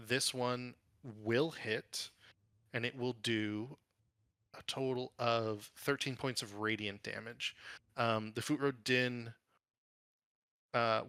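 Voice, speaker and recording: A man's voice: on the low side, bright, forceful tone, smooth, no echo, clean studio sound. A man narrating a tabletop game as game master, describing the action in detail.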